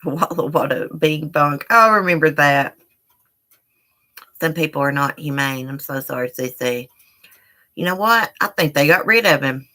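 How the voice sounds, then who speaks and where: Low-voiced chatty woman. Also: animated, moderate pace, pauses often, bright, forceful tone. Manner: chatty, rambling, addresses chat as y'all. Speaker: live-stream host. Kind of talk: casual live-stream chat. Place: indoors at home.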